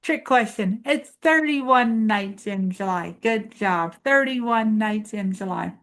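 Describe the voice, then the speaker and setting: A woman's voice: medium pitch, lively intonation, slow, a bit bright. A woman hosting a preschool lesson, leading chants and reading aloud to children in an encouraging call-and-response way. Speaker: preschool teacher host.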